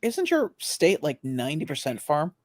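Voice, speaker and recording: Man, fairly high voice, dry close sound. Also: huge pitch swings, moderate pace, a little mellow, no room sound. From Canada. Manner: rambling, laughs often, many restarts. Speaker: livestream host. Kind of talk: casual livestream chat.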